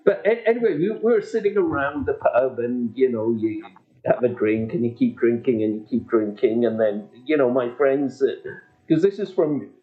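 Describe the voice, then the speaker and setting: Man, mid-pitched voice, rambling storyteller in casual chat, muffled recording. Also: normal speed. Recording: dull lo-fi audio.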